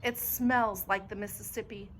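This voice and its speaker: A woman librarian reading a children's chapter book aloud in clear, expressive storytelling. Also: mid-range voice, moderate pace, a little hiss or hum.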